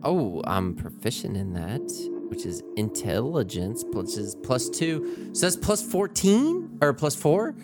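A man playing in a tabletop game, excitable and slangy, joking with the table. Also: mid-range voice, unhurried, over music. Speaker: player.

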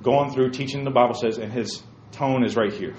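A man hosting casual opinion talk, emphatic, swinging from quiet explaining to loud bursts. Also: medium pitch, normal speed, slight background noise. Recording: roomy, dull lo-fi sound.

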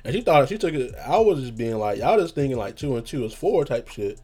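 A man hosting his own show, telling a rambling casual story with a just-woken hoarse voice and a habit of saying "you know what I'm saying". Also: mid-range voice, big pitch swings, a little fast, darkish tone. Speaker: podcast host.

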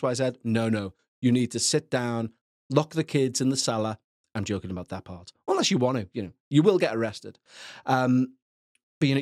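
A man's voice: mid-range voice, darkish tone, no room sound, studio quality. A man hosting a podcast in a casual, rambling, self-mocking way, joking around and reading out a listener's story. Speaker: podcast host.

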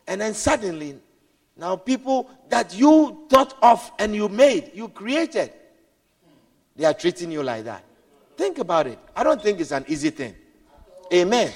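A man preaches a sermon, swinging between hushed storytelling and shouted exclamations while repeating words and adding hallelujah and amen. His voice sits high and sing-song, and he takes his time. A long hall reverb surrounds him.

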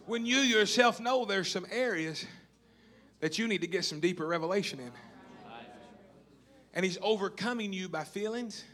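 A man's voice: high voice, moderate pace, long pauses, fairly bright tone. A man from Tennessee, preaching a sermon with emphatic, repeated calls to the congregation. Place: church or camp meeting hall.

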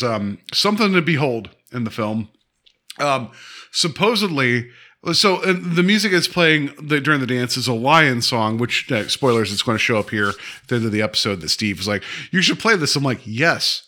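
A man co-hosting a podcast, talking about movies in an animated way, laughing often and breaking off mid-sentence. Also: mid-range voice. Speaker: podcast co-host. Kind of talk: casual movie chat.

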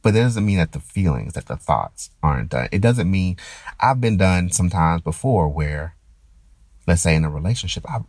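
A very low-voiced man with a gravelly, husky edge, speaking in a dry, close recording. He muses through a personal monologue in a halting way, stammering and circling back as he searches for words. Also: expressive, darkish tone, dry recording. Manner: hesitant, restarts and stammers. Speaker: performer.

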